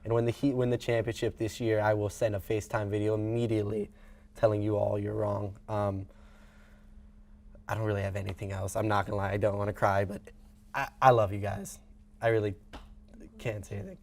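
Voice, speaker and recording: Young man, low voice, heartfelt farewell. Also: flat delivery, a little fast, darkish tone. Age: young adult. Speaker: co-host. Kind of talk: casual farewell speech. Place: studio.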